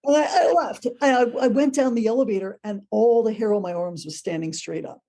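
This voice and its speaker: Mellow-voiced woman telling a ghost story. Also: mid-range voice, brisk. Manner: animated, acts out quoted voices. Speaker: podcast guest, ghost tour guide. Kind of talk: casual storytelling.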